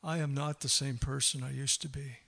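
A middle-aged man preaching a sermon in an animated way, laughing often and acting out quoted voices. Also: mid-range voice, fairly quick, gravelly, slightly rough. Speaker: pastor.

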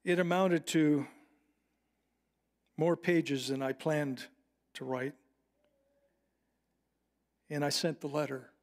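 A man's voice: fairly high pitch, fairly even intonation. Earnest preacher, man with a raised voice. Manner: earnest, personal storytelling with slowed emphatic phrases. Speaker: pastor. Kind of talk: sermon.

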